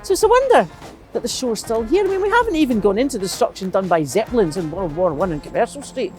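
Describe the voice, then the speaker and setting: A woman's voice: medium pitch, very animated, quick pace, a little mellow, faint music behind. A middle-aged woman telling history as comedy, with wry, playful asides in a mock-serious tone. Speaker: comic history guide. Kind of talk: comic historical storytelling.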